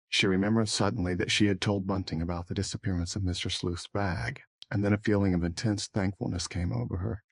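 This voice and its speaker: A man narrating an audiobook in a steady, even manner on a close mic. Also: low-pitched, slightly rough, no echo.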